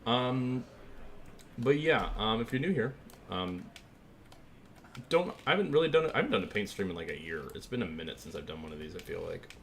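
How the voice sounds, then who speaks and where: A male streamer chats casually at his desk mic, his voice sitting on the lower side. He rambles and thinks aloud between fillers, calm and easygoing. A faint background hum stays under his voice. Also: brisk, pauses often. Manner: thanks viewers and thinks aloud while working. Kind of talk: casual live-stream chat.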